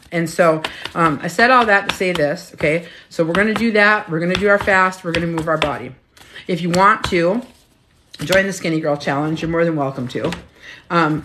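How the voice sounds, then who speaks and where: A woman's voice: on the low side, a bit bright, a little hiss or hum. A middle-aged woman coaching live on a stream, emphatic and chatty, repeating her points and swearing freely. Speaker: health and weight-loss coach. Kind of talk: motivational live stream talk.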